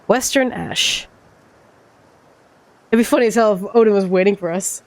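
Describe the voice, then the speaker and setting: A woman streamer giving casual, foul-mouthed commentary while playing a game, animated and arguing with the characters. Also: mid-range voice, normal speed, dry recording. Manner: animated, profane, argues with the characters.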